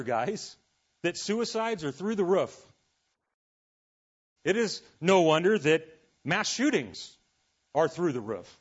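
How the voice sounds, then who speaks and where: A man preaching a sermon, reading scripture and making casual, animated asides to his listeners. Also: a little high, slightly rough, muffled recording. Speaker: pastor.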